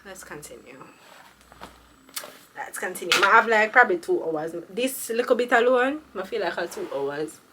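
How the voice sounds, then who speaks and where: A woman's voice: mid-range voice, lively intonation, moderate pace, few pauses, background noise. A young woman, chatting casually and with slang to her viewers in a beauty vlog. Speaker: beauty vlogger.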